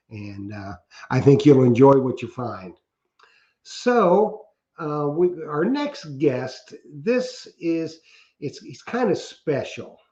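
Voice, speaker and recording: Man, host, folksy, joking, slightly high voice, roomy dull recording. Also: a little mellow. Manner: folksy, joking, many fillers. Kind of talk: casual chat. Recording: echoey, dull lo-fi sound.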